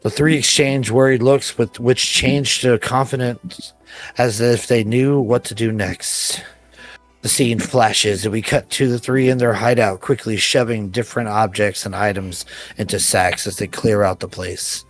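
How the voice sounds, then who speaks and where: A man's voice: mid-range voice, unhurried, faint music behind. A man narrating a tabletop game as game master, telling the scene with vivid description. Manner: descriptive storytelling, laughs between scenes.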